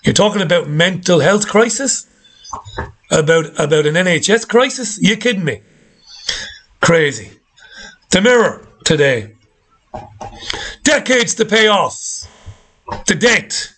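A man's voice: sits high, big pitch swings, slow pace, long pauses, a bit bright. A middle-aged man hosting a talk show, ranting with sarcastic indignation. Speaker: host. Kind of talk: ranting commentary.

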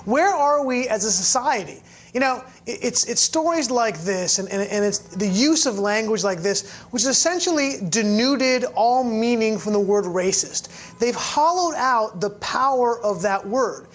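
A woman gives emphatic commentary in a news interview, restarting her phrases as she pushes her point. Her voice sits a little high. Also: animated, measured pace.

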